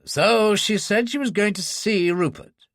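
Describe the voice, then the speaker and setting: A man voicing an older male intelligence chief who speaks crisply and commandingly in an audiobook reading. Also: sits high, a little slow, a bit bright, dry recording, studio quality, pitched above the performer's own voice. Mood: brisk.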